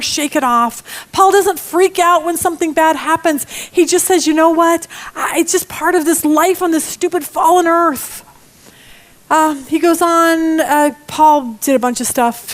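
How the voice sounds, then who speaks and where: A middle-aged woman teaching a Bible study lesson in a lively, expressive way, with joking asides. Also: fairly high pitch.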